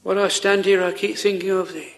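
A man preaching a solemn, earnest sermon with slow pauses, quoting old scripture. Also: sits high, level tone.

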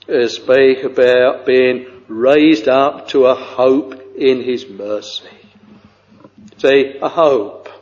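An older man preaching a sermon with fervent, halting delivery and sing-song rises on scripture. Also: medium pitch, darkish tone. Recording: dull, echoey old church recording.

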